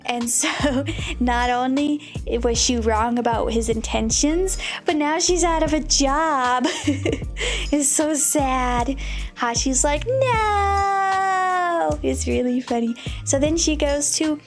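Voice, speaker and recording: Bubbly high-voiced woman chatting. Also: slow pace, soft background music. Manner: bubbly and chatty, full of "you know" and giggles. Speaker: VTuber host. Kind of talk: casual anime recap.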